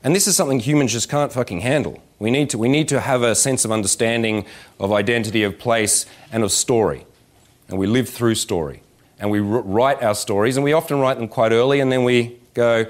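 Man, dating coach, live seminar talk, middle pitch, profane, animated, joking. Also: fairly quick. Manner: profane, animated and joking, slips into voices to act out scenes. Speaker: dating coach speaking at a workshop. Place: indoor event room with about 160 people.

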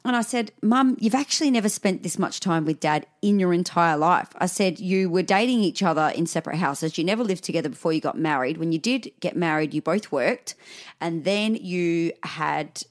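A woman's voice: fairly low pitch, animated, normal speed. Chatty Australian woman podcast co-host. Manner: chatty storyteller, acting out quotes. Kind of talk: casual chat.

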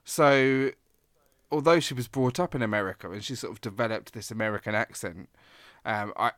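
A man's voice: on the low side, normal speed, fairly bright tone, no room sound. Rambling man, dry close sound. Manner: rambling, hesitant with many ums. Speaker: podcast co-host. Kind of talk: casual film review chat.

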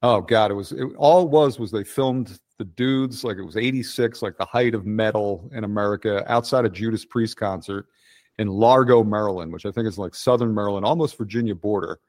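A man's voice: on the low side, fairly quick, a little mellow, no echo, clean studio sound. A man in his sixties with a Philadelphia accent, a guest in a casual interview, rambling bluntly and swearing often. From Delaware County, Pennsylvania. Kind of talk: casual profane conversation.

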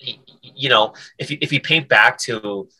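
A man's voice: medium pitch, normal speed, slightly rough. A man, a comedian and podcast guest, telling stories in a casual interview, with lots of stammered restarts. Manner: animated, stammering restarts, acts out voices.

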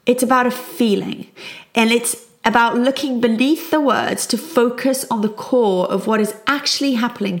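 Calm woman giving parenting advice. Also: a little high. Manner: calm, reassuring, explanatory. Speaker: child psychologist. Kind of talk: parenting advice talk to camera.

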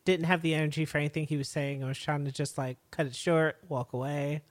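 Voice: medium pitch, steady tone, fast talker. A podcast co-host recapping a TV episode in casual chat, speaking hesitantly with many fillers.

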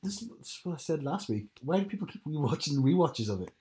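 A man's voice: a little high, big pitch swings, fairly quick, dark tone. A man chatting casually, mostly giving brief supportive replies. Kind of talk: casual chat.

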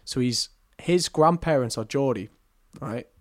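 A young man in his twenties talks in a relaxed, chatty way as a musician guest. His pitch sits in the middle range, and he is self-deprecating and quick to laugh between thoughts. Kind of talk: casual chat.

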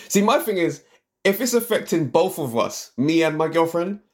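A man's voice: on the high side, expressive, moderate pace, a little hiss or hum. A laid-back man, chatting on a podcast with slang and frequent laughter. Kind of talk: casual podcast chat.

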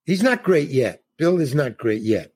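An older man in his eighties, originally from New York, talks as a podcast guest. His voice is husky and sits a little high for a man. He tells a meandering story, slipping into the voices of people he quotes. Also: big pitch swings, unhurried, darkish tone. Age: 80s. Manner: rambling storyteller who acts out quoted dialogue. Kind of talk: casual anecdote telling.

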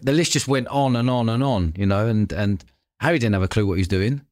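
A man with a lowish voice recounts stories in a relaxed podcast conversation. He bounces between his own voice and animated impressions of the people in his tales, laughing as he goes. The sound is dry and close. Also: brisk, dry recording. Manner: animated anecdotes, acts out quoted voices, laughs often. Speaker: podcast host. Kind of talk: casual storytelling chat.

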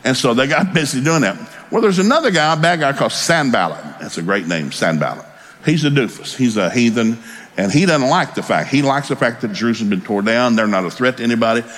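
A pastor preaching a sermon in a folksy, storytelling way with joking asides. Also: male voice, medium pitch, expressive, brisk, fairly bright tone.

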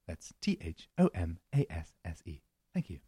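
A man's voice: sits low, sing-song, moderate pace, warm tone, breathy edge, no echo. A man with an English accent, a comedy duo member chatting in a podcast interview, rambling and self-deprecating with frequent laughs. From England.

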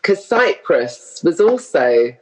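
A woman's voice: low-pitched, very animated, slow, soft background music, poor audio. A middle-aged woman from London with an English accent, talking casually as a guest and drifting off on tangents. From London, England. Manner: chatty, drifts off on tangents, laughs often. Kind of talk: casual chat.

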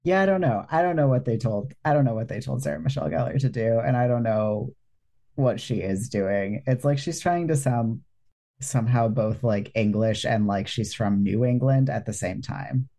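A woman co-hosting a podcast in casual chat, curious and quick to laugh. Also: very deep voice. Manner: curious, laughs easily, lively questions. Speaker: podcast co-host.

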